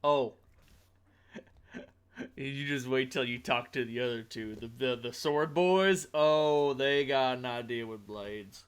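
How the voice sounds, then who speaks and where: A man's voice: mid-range voice, slow, smooth. Man, game master, in-character role-play, folksy drawl, blunt.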